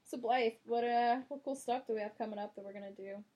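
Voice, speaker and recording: A woman co-hosting a podcast, trading quick, jokey reactions and teasing asides in casual banter. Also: on the high side, fairly even intonation, dark tone. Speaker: podcast co-host.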